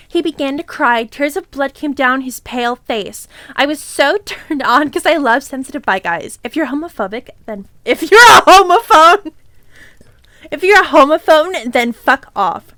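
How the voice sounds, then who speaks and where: A woman's voice: high voice, animated, a little slow, a bit bright, no echo, studio quality. A woman streamer reading a fanfic aloud, irreverent and swearing, with giggly asides.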